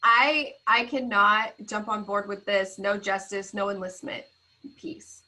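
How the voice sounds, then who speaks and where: A woman's voice: mid-range voice, a little slow, sharp tone, poor audio. A woman guest on a video-call interview, telling her story with enthusiasm. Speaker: guest, podcast founder.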